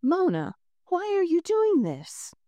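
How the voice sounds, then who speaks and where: A woman voicing a curious, clever schoolgirl inventor in a storybook reading, talking in a brisk, determined way. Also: very high voice, huge pitch swings, dark tone, no room sound, pitched above the performer's own voice, heavily acted.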